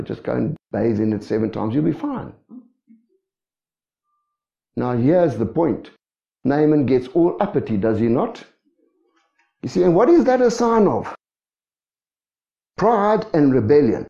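A man preaching a sermon, asking the congregation rhetorical questions in a lively way. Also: on the high side, normal speed, vocal fry. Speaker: pastor. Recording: echoey dull room sound.

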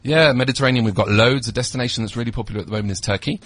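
Quick-talking British man pitching holidays. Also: fairly bright tone, breathy edge. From United Kingdom. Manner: enthusiastic salesy pitch with frequent ums. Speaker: travel company representative, radio guest. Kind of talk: radio interview. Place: radio studio.

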